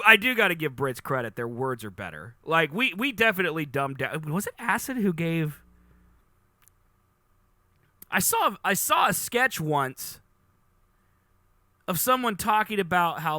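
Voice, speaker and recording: A man in his thirties chatting playfully to his live stream audience, rambling and animated. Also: mid-range voice, dry recording. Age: 30s. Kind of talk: casual chat to live chat.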